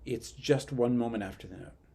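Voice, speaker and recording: A man coaching young musicians through a passage in an online rehearsal. He explains accents in a relaxed, meandering way with plenty of fillers. He breaks into sung rhythm syllables to show what he wants. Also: medium pitch, normal speed, creaky, husky. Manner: sings rhythms with syllables to demonstrate; relaxed, hesitant phrasing with fillers. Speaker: youth orchestra conductor. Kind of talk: rehearsal instruction.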